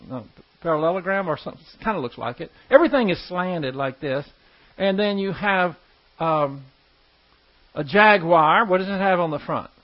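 A man teaching an informal Bible class in a folksy, explanatory way, often putting questions to his class. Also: high voice. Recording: dull lo-fi classroom recording.

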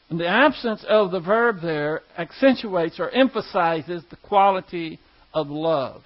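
A man preaching a sermon to a congregation, teaching from scripture and slowing down to stress key words. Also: high-pitched, expressive, highs cut off. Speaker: pastor.

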